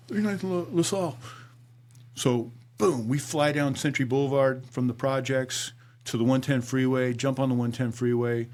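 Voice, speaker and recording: A middle-aged man, a former police officer, telling his story to a podcast host, acting out dialogue and sinking low and quiet at grave moments. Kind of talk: conversational storytelling.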